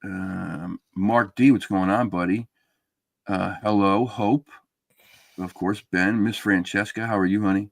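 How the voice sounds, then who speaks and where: Male host, low gravelly voice, rambling casual chat, dry close mic. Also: steady tone, measured pace, dry recording. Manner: rambling, chatty, many fillers. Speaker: podcast host. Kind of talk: casual live-stream chat.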